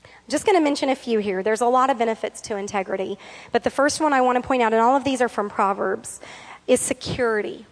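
A woman giving a sermon, earnest, reading scripture slowly and repeating key lines for emphasis. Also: fairly high pitch, in a large hall.

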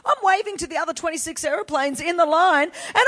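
High-voiced, emphatic woman preacher. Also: fairly quick, hardly any pauses. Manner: emphatic, building to forceful declarations; animated and expressive in storytelling. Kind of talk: storytelling sermon.

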